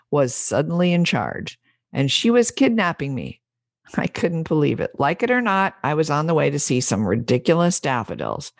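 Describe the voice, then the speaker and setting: A woman podcast host and business coach reading an essay aloud in a measured, storytelling way. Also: low-pitched, dry recording, clean studio sound.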